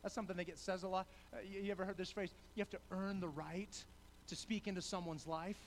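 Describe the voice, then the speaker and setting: High-voiced conversational male preacher. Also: slight background noise, low-quality recording. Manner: conversational, acts out biblical characters with rising excitement; repeats words when starting sentences. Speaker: pastor. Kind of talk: sermon.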